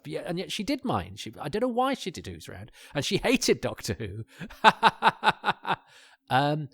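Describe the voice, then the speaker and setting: A man's voice: medium pitch, sing-song, moderate pace, sharp tone, dry recording. A man talks through an old episode in a casual commentary, rambling with many restarts and fillers and chuckling asides. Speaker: podcast host.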